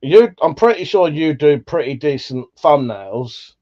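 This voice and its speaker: A man with a Buckinghamshire accent hosting a livestream, reading out chat in a relaxed, sweary way, laughing often, his voice slightly worn. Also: a little high, measured pace, dull audio. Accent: Buckinghamshire English. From England. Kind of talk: casual chat.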